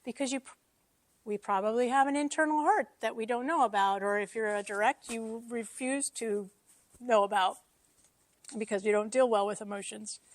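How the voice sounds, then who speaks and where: A woman speaks to a church congregation in a casual teaching style. She jokes about herself and drops quick asides. Her voice sits fairly high, and the sound is dry and close. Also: dry recording. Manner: self-deprecating, joking, lively asides.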